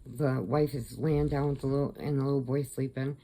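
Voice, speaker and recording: A woman's voice: very deep voice, steady tone, brisk, dark tone. A woman crochet vlogger chatting to camera at home, retelling a story in a rambling, chatty way with restarts.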